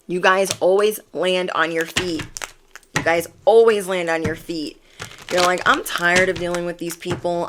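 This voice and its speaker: A woman's voice: fairly low pitch, slight background noise. A woman giving an emphatic pick-a-card tarot reading, repeating affirmations. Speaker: tarot reader.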